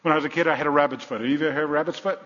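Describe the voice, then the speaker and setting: A man preaching a sermon as pastor, dramatic, swinging between hushed and loud delivery. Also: a little high, steady tone, very fast. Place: church sanctuary. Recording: dull, long-reverb church hall.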